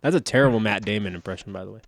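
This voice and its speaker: A man co-hosting a podcast in casual chat, low-key and laid-back, swearing casually. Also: racing, dry recording, studio quality. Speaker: podcast co-host.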